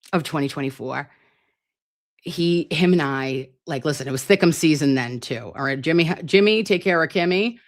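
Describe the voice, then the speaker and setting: A woman in her late thirties hosting a live stream, chatting in a rambling, playful and sometimes crude way. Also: sits low. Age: 30s. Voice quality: self-described grating voice. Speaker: livestream host. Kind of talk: casual livestream chat. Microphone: computer mic on a live stream.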